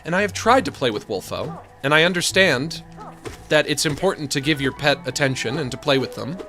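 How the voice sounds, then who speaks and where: Deadpan, sardonic male streamer. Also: fairly high pitch, fairly quick, soft background music. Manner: sardonic, deadpan rants with sudden exasperated outbursts. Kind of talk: casual live-stream chat while gaming.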